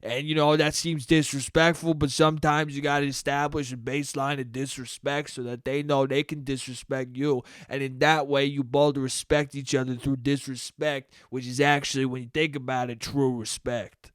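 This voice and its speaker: A man's voice: medium pitch, little pitch movement, normal speed, hardly any pauses, smooth, no room sound, clean studio sound, voice pushed down, close to an everyday voice. A man impersonating a smug older male politician who rambles and stammers through self-justifying excuses.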